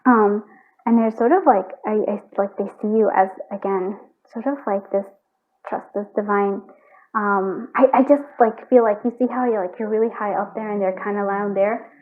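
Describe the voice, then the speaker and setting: A woman reads tarot cards at home in a loose, rambling way, her talk full of fillers. Her voice sits at an ordinary middle pitch. The sound is thin and narrow, like a phone line. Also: steady tone, normal speed. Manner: rambling and chatty, full of "like" and frequent laughter. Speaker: tarot card reader. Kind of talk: casual pick-a-card tarot reading.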